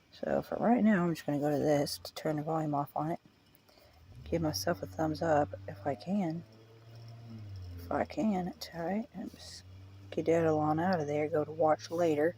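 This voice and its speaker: A woman with a deep, mellow, husky voice hosts a casual live-stream hangout. She rambles in a folksy way and drops in prayerful asides.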